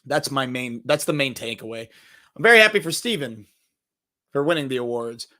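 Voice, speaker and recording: Bright-voiced young man rambling about movies. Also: medium pitch, animated, moderate pace. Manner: rambling, joking, swears, trails off into mumbles. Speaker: podcast host. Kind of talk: casual entertainment news commentary.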